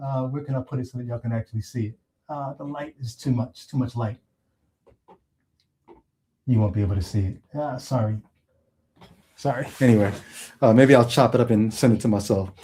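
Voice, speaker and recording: A man's voice: mid-range voice, normal speed, long pauses, breathy edge. A man hosting a call-in livestream, talking straight to the chat and telling stories with acted-out quotes. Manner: animated storytelling, acts out quoted voices; talks to the chat directly. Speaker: call-in show host. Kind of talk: livestream monologue.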